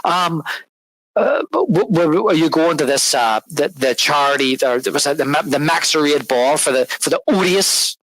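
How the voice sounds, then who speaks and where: A man's voice: fairly high pitch, moderate pace, low-quality recording. A man co-hosting a film podcast in casual chat, retelling scenes with energy, laughing often and restarting his words. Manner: animated, retells scenes and acts out the dialogue. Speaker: podcast co-host.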